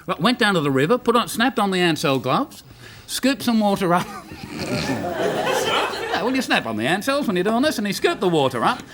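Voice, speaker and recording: A man's voice: sits high, big pitch swings, a little fast, fairly bright tone, some chatter behind, a little hiss or hum. An Australian comedian telling a rambling joke on a live TV show, chuckling as he goes. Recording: studio audience behind.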